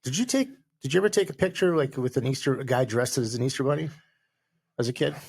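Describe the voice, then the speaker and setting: A man co-hosting a casual podcast chat, reading facts aloud haltingly with lots of fillers. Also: medium pitch, animated, vocal fry, a little mellow, slightly rough. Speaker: podcast co-host.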